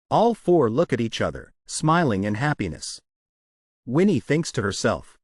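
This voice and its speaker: Male narrator, mid pitch, animated contour, dry close sound; recap storytelling. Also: unhurried, no room sound.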